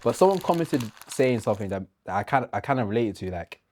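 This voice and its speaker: A man co-hosting a casual chat about film and celebrity news, easygoing and quick with agreeing yeahs. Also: mid-range voice, very animated, darkish tone. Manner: easygoing, lots of yeahs and restarts. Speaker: co-host.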